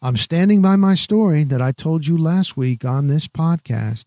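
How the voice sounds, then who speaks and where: A man in his sixties spins old reporting stories in a lively, rapid-fire podcast manner, leaning on quick fillers and repeated punchy words. His voice sits a little high for a man. It is recorded dry and close on a podcast mic. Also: no echo. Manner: animated, rapid-fire, peppered with "boom" and "blah, blah, blah". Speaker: veteran sports reporter and podcaster. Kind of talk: casual podcast storytelling.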